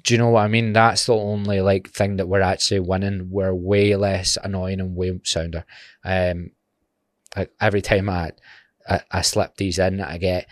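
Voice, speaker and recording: A young Glaswegian man with a broad Scottish accent hosts his own podcast, chatting casually and wandering off on tangents. He swears freely and cracks jokes. His voice sits fairly low and sounds dry and close on the mic. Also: flat delivery, normal speed, no room sound. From Glasgow, Scotland. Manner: rambling, sweary and jokey, goes off on tangents. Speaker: podcast host. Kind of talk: casual solo podcast chat.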